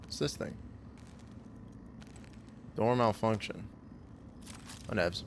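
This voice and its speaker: A man's voice: fairly low pitch, steady tone, normal speed, pauses often, a bit bright, faint music behind. A young man swearing and joking sarcastically as he plays a game on a live stream. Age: young adult.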